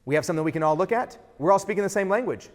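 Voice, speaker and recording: A middle-aged man giving a motivational keynote speech, energetic and throwing rhetorical questions at the audience. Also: sits high, rapid-fire. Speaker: keynote speaker. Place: large event hall. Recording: hall reverb from a live event.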